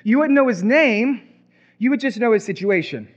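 A man preaching a sermon as pastor, animated and acting out imagined reactions. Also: extremely high pitch, normal speed, lo-fi sound.

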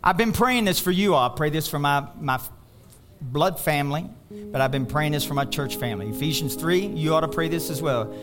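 A man with a high voice delivers a sermon as the pastor. He tells stories full of quoted dialogue, and his delivery grows animated as he climbs to near-shouts on his main points. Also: brisk, faint music behind.

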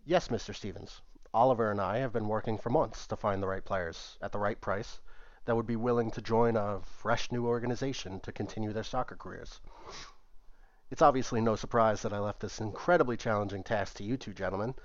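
A man narrating a comedy sketch and voicing several characters, shifting his pitch for each one. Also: a little fast, no room sound. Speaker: comedic storyteller. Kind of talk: comic sketch narration with put-on voices. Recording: dull, muffled dry recording.

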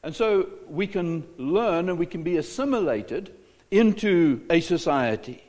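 A man's voice: high voice, animated, unhurried, darkish tone, in a large hall. A South African man preaching a sermon as a pastor, asking rhetorical questions and often repeating his words.

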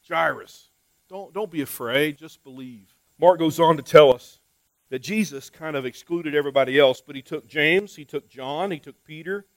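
A man preaching a conversational sermon, full of rhetorical questions and repeated words, dropping to soft asides and rising to loud emphasis. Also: on the high side, no room sound, rough recording. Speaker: pastor.

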